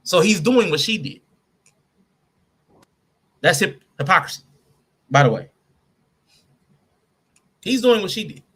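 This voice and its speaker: A man's voice: high-pitched, lively intonation, slow pace, long pauses, pushed and bright, breathy edge. A man hosting a casual commentary podcast, reading out quotes and picking them apart. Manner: reads out quotes and picks them apart, laughing with his co-host. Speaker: podcast host.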